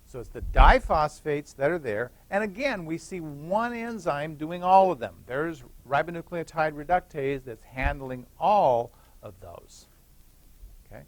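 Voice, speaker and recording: A man's voice: fairly high pitch, expressive, unhurried, no echo. A middle-aged man giving a classroom lecture, explaining step by step, repeating key points and checking in with "okay?". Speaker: university biochemistry lecturer. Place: lecture hall.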